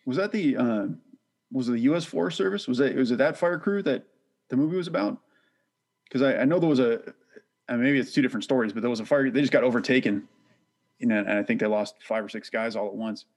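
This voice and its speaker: A man's voice: medium pitch, fast talker. A man co-hosting a podcast, chiming in with curious follow-up questions. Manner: inquisitive, asks follow-up questions. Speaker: podcast co-host. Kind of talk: casual interview chat.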